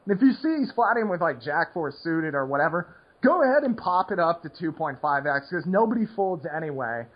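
A man's voice: fairly high pitch, big pitch swings, fairly quick, breathy edge, dull audio. A man hosting a poker podcast, rambling casually with lots of "like" and restarts. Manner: rambling, heavy use of "like" and restarts.

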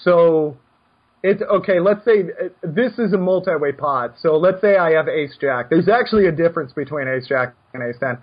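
A man coaching poker in casual chat, brash and animated, given to joking rants. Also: fairly high pitch, normal speed, breathy edge, dull audio.

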